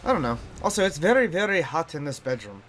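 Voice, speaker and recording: A man's voice: on the high side, sing-song, fast talker, a bit bright, slight background noise. Chatty man thinking aloud over a game. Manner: thinks aloud, chatty, laughs often, voice and accent shift. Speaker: streamer. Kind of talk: casual gameplay commentary. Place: hot bedroom.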